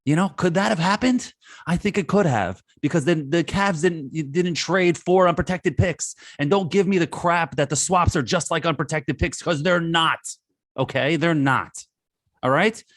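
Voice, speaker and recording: A man's voice: fairly high pitch, moderate pace, no room sound. Angry guy ranting about his team on a podcast, dead dry mic. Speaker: podcast co-host.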